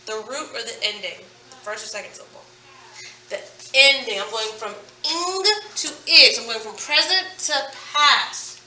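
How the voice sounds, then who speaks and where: A woman teacher leading a phonics lesson, stretching out words slowly and praising her students as she goes. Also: on the high side, pushed and bright, roomy sound, recorded from a distance, a little hiss or hum, poor audio. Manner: slow, drawn-out word modelling with praise.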